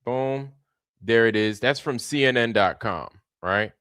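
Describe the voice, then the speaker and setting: A man's voice: medium pitch, a little slow, fairly bright tone, smooth, no echo, studio quality. A man hosting a casual livestream, greeting viewers by name in a loose, repetitive way with plenty of slang. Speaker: livestream host.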